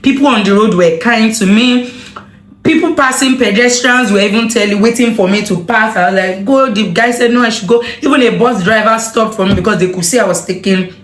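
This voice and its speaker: A woman telling a personal story to her viewers, animated and full of exclamations. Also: a little high, brisk, roomy sound. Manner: animated, emotional retelling with exclamations. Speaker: vlogger. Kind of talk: casual storytelling to camera.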